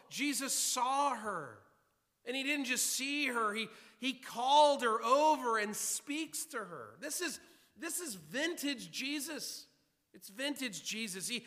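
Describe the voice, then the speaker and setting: Bright-voiced preacher man, emphatic. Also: very high voice. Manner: emphatic preaching with repetitions and restarts. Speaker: pastor. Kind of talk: sermon. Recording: long hall reverb.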